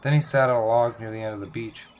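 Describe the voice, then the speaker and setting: A man reading a children's novel aloud in calm, measured storytelling narration. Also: medium pitch. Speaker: audiobook reader.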